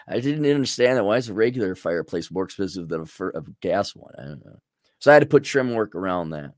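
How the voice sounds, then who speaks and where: A man's voice: sits low, expressive, fast talker, no echo, clean studio sound. A man hosting a podcast, ranting in a blunt, sarcastic and crude way. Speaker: podcast host. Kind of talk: ranting monologue.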